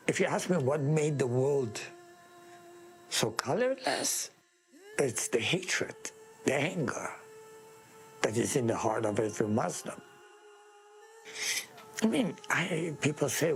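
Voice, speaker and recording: A man from Iran, giving an earnest, deliberate personal testimony in an interview. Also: mid-range voice.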